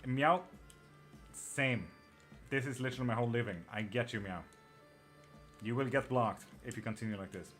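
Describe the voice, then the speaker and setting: A man's voice: mid-range voice, fairly quick, pauses often, a bit bright, faint music behind. A man with an Irish-sounding accent and a slight twang, hosting a live tarot stream in casual chat, blunt and swearing freely as he answers viewers.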